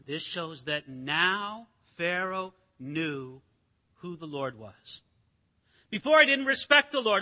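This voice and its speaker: A man preaches with a high, sharply bright voice, dropping to a hush and then rising to emphatic force. His sermon rings through a large hall with a long, trailing reverb. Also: expressive, slow. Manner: dramatic preaching, swings from hushed to emphatic. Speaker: pastor.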